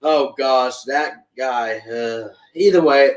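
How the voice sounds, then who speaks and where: A young man in a casual chat, drawling and quick to laugh. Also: medium pitch, reverberant, low-quality recording. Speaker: co-host.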